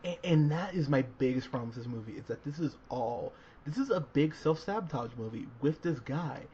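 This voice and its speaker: A man's voice: fairly high pitch, expressive, brisk, warm tone. A man co-hosting a movie review podcast, chatting casually and animatedly, swearing and laughing often with lots of fillers. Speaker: podcast co-host. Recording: dull lo-fi podcast audio with faint noise.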